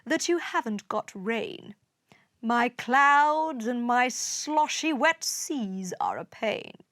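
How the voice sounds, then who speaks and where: A woman's voice: fairly high pitch, animated, takes it slowly, a bit bright, dry recording, clean studio sound. A woman reading a storybook aloud, voicing planet Earth as a fussy, bossy character. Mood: complaining. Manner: complaining, then commanding.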